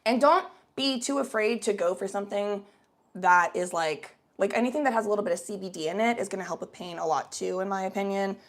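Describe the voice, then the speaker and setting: A woman's voice: medium pitch, a little fast. A young woman from the United States, hosting a casual livestream and chatting loosely and playfully with viewers, with lots of fillers. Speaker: livestream host. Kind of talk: casual livestream chat, reading viewer comments aloud.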